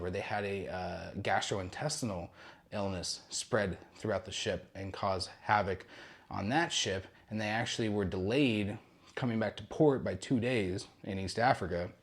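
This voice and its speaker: A young man with a fairly low voice runs through cruise news in a loose, chatty way. He rambles, corrects himself mid-sentence and tosses in jokey asides. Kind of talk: casual news roundup vlog.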